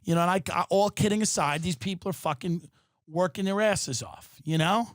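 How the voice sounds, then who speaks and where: Brief: male comic host, fairly high voice, profane animated rant, dry close sound. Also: brisk, no room sound. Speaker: podcast host. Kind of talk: ranting comedic monologue. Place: his apartment.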